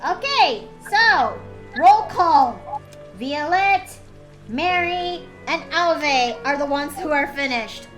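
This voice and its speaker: A woman's voice: sits high, animated, takes it slowly, a bit bright, faint music behind. A woman streamer chatting casually and giggling as she draws on stream. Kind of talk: casual chat while drawing.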